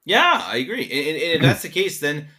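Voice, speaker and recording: A man co-hosting a chat podcast, talking in an animated, emphatic rush that swings widely up and down in pitch. His voice is bright and sharp, and he stumbles over repeated words whenever he gets fired up. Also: fairly quick. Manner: repeats words when worked up. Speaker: podcast co-host. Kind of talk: casual chat.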